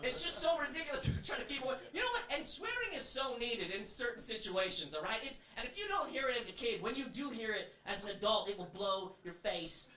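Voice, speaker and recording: High, animated comedian ranting. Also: male voice, fairly quick, hardly any pauses, slight background noise. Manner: animated, ranting, with shouted punchlines. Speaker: stand-up comedian. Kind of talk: stand-up comedy routine. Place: comedy club stage. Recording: echoey club, distant mic, loud crowd. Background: audience laughter.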